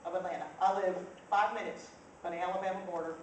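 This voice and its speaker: A woman's voice: fairly low pitch, fairly even intonation, quick pace. A woman from New Jersey doing a stand-up comedy set, telling brash, profane stories with punchy timing. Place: club room with a laughing audience. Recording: distant, echoey live-room recording. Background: loud crowd laughter and noise.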